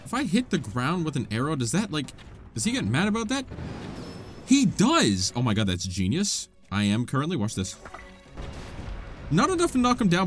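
Excitable, self-mocking young-sounding gamer guy. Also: fairly high pitch. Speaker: gaming channel host. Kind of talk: let's play commentary.

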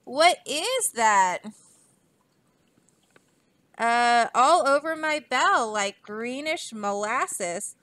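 Lady reading as an old bell ringer guy, worried and muttering, bright tone. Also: on the high side, slow pace, hardly any pauses, no echo. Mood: alarmed. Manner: worried, murmuring.

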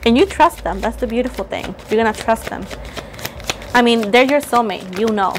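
A woman's voice: a little high, moderate pace, noisy background. Chatty, playful woman tarot reader. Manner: chatty, playful, teasing and excitable. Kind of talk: casual tarot reading to camera.

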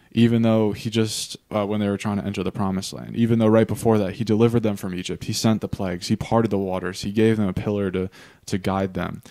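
A man's voice: lowish voice, a little mellow, no room sound. A young man, a pastor hosting a faith podcast, talking in an earnest, reflective way and restarting often. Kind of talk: casual faith discussion.

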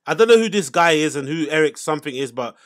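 A man's voice: on the high side, animated, fast, a bit bright. A man hosting a casual commentary, reacting to podcast clips in an exasperated, sarcastic rant.

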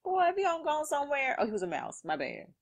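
A woman reading a manga aloud and reacting to it in a lively, slangy way, laughing often. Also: sits high, quick pace.

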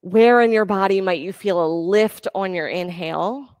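A woman yoga instructor giving calm, encouraging cues for breath and poses during a class. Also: mid-range voice, moderate pace, smooth, no room sound.

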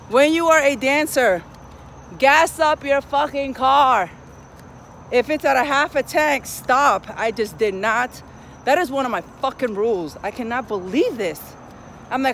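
A woman talks into a handheld phone outdoors at night, venting and swearing as she scolds herself. She lectures her viewers bluntly, and clear traffic noise runs under her voice. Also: sits high, lively intonation, unhurried, a bit bright. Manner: profane, self-scolding venting. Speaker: vlogger. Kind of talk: casual vlog monologue. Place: outdoors at night near a gas station.

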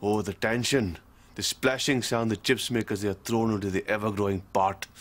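Brief: actor as a dry, teasing Glaswegian corner-shop owner. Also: male voice, lowish voice, steady tone, normal speed, a little hiss or hum, natural voice. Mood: sardonic. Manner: sardonic, teasing. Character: wry middle-aged male Glasgow shopkeeper.

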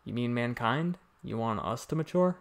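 A man reading as a newly dead man in his forties, puzzled and questioning, everyday speaking pitch, storybook reading. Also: lively intonation, normal speed, lightly acted. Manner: questioning, uncertain.

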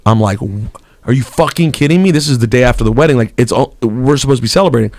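A man's voice: medium pitch, fast talker, a little mellow, dry recording. A man hosting a casual morning radio show, telling a story in a joking way and doing the voices of the people in it. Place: radio studio.

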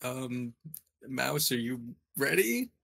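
A man speaks as a player in a tabletop game, polite and a bit awkward. His voice is gravelly and husky. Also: medium pitch, very animated, slow pace, bright, forceful tone. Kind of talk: casual tabletop role-play.

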